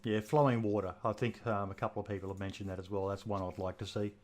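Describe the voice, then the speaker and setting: A man's voice: fairly low pitch, flat delivery, fast, a little mellow. A man hosting a podcast interview, with short replies and viewer questions read out. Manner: brief, reads out viewer questions. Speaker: podcast host. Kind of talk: casual interview.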